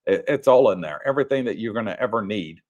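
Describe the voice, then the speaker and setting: In casual chat on a home livestream, an older male co-host rambles with fillers and laughs frequently. His fairly low, slightly mellow voice has lively intonation and a fast pace, with the highs cut off.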